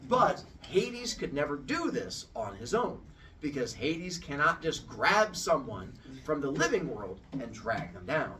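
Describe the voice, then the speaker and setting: A man's voice: very animated, unhurried, bright, forceful tone, far from the mic, a little hiss or hum. A man casually retelling an old myth as a comic story, playfully switching into character voices. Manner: playful, jumps into high squeaky voices for characters. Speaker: storyteller host.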